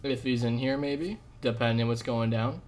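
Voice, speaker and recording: A man streams a video game live, chatting with viewers in an upbeat, slangy way through a desk USB microphone. His voice is mid-range and a little mellow, at a moderate pace.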